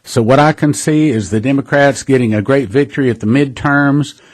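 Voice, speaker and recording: A man's voice: medium pitch, moderate pace, a little hiss or hum. A man hosting a prophecy ministry, giving an earnest, conversational preaching monologue and calling listeners brothers and sisters.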